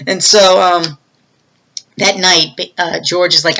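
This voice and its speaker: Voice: mid-range voice, fairly even intonation, takes it slowly, pauses often, sharp tone, poor audio. A movie reviewer casually retelling a film's plot, with many fillers and self-corrections.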